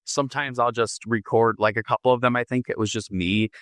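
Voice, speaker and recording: A man who smokes, talking casually as a guest on a podcast, rambling and relaxed with lots of fillers. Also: mid-range voice, a little fast, dry recording. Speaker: podcast guest, oddities artist. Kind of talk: casual interview chat.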